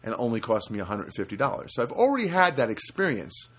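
A man's voice: medium pitch, quick pace, breathy edge. A man hosting a podcast from a studio apartment, telling a rambling story in a casual way with many restarts. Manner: rambling, with many restarts and animated quoted voices. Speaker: podcast host.

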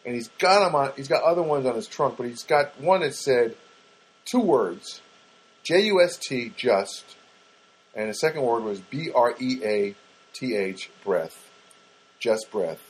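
Animated and chatty, a podcast host with a medium-pitched, breathy voice talks at a measured pace, telling his listeners a rambling casual story riddled with fillers and restarts. The audio quality is poor.

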